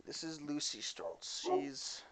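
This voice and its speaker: A man's voice: on the high side, slow pace, over a noisy crowd. A man putting on a prim German-accented lady. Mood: fussy. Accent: put-on German. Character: refined young woman roommate, fussy and motherly.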